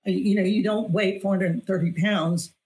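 A woman's voice: medium pitch, fairly even intonation, normal speed, a little mellow. Earnest middle-aged woman telling her story. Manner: earnest, emphatic storytelling with repeated phrases. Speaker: guest, author and weight loss coach. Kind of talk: conversational testimony in an interview.

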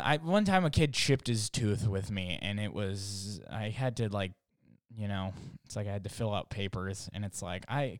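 A man's voice: mid-range voice, clear, resonant tone, no room sound, clean studio sound. A young adult man telling comic stories in a rambling, casual way, full of "like" and swearing, acting out what other people said. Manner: rambling, full of "like", profane, acts out others' lines.

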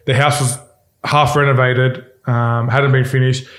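A man, a company co-founder, telling a story in a casual interview. He rambles and restarts his sentences often, retelling events in an animated way. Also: mid-range voice, measured pace. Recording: echoey room.

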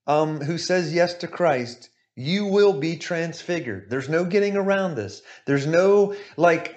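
A male preacher with a fairly high voice delivers an emphatic sermon. He hammers his points through repetition and keeps checking in with "right?" and "okay?". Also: lively intonation, moderate pace, hardly any pauses, darkish tone, muffled recording. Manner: emphatic, repeats points, asks "right?" often.

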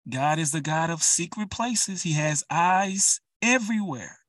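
A man's voice: fairly high pitch, lively intonation, measured pace, fairly bright tone, dry recording, far from the mic. A man preaching an urgent, emphatic sermon, speaking straight to his listeners.

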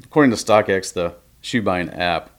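A man guesting on a podcast as a DJ, telling stories in a relaxed, matter-of-fact way. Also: low-pitched, moderate pace. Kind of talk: casual conversation.

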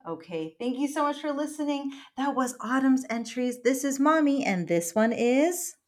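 A woman reading a picture book aloud to her small child in a gentle, encouraging way. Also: sits high, expressive, normal speed. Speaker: mother reading to her toddler.

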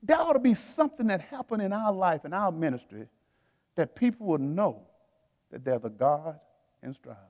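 A man's voice: high-pitched, sing-song, moderate pace, a little mellow, big-room sound. A man preaching a sermon to his congregation in a folksy, conversational way, talking straight to the crowd and laughing between points. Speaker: pastor.

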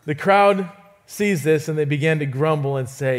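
A man giving a sermon as a guest preacher in a church, telling stories in an animated way, acting out the quoted voices and chuckling often. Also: a little high, normal speed. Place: church auditorium.

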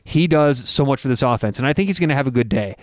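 A man co-hosting a sports betting show, breaking down college football picks in an energetic, excitable way. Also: medium pitch, quick pace, no room sound, studio quality. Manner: energetic, excitable, with sudden loud cheers. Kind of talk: casual sports betting chat.

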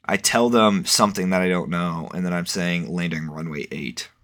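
A man's voice: deep voice, fairly even intonation, moderate pace, fairly bright tone. A young man in casual chat, rambling and swearing, with lots of fillers. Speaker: podcast co-host.

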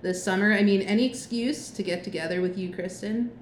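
A woman's voice: mid-range voice, brisk, slight background noise. A woman co-hosting a casual podcast at home, chatty, laughing often and trailing off with fillers. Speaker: podcast co-host. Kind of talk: casual chat. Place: apartment room. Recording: echoey room, faint ambience.

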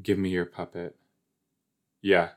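Man, podcast host, casual commentary, playful, slightly low voice, unhurried. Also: level tone, a bit bright. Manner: playful, giggly, talks to listeners as "you guys". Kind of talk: casual episode watch-along commentary.

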